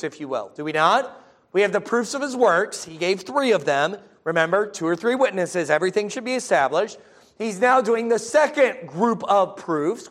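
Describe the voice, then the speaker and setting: A man preaching a sermon, reading scripture slowly and with emphasis, and often checking in with his listeners by asking "folks?" and "yes?". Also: high voice.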